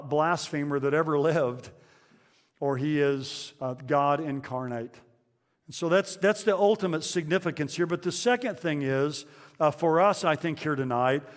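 A man preaching a conversational sermon to his congregation, pausing with fillers and restarting phrases. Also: a little high, in a large hall. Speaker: pastor.

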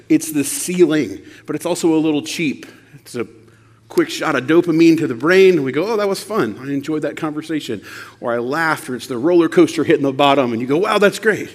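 A male preacher delivers his sermon in an animated, conversational way. He throws rhetorical questions at the congregation. His fairly high voice rings with a long reverb from the church hall. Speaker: pastor.

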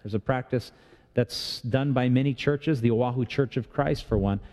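Mellow-voiced pastor preaching in a reverberant hall. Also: male voice, mid-range voice, normal speed. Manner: conversational preaching with rhetorical questions and humor. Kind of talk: sermon. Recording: long reverb of a large hall.

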